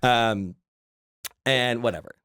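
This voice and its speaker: A man from Canada, a guest comedian telling a story in casual chat, animated and slipping into voices. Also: medium pitch, slow, clean tone. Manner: animated, jumps into character voices.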